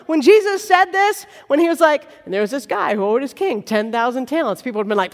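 A woman preaching a sermon in a large hall, telling the story in an animated, playful way. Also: fairly high pitch, fast, few pauses. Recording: long hall reverb.

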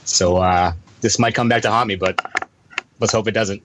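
A man's voice: on the low side, steady tone, normal speed. A man co-hosting a casual podcast, joking crudely and swearing freely. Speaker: podcast co-host. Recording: audible background noise and typing.

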